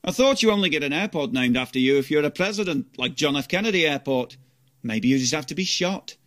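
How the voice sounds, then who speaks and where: Man reading a downbeat musician figure, dry self-mocking humour, slightly raised pitch. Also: lively intonation, fast talker, fairly bright tone. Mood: wry. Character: a resurrected famous musician, male, rueful and wry.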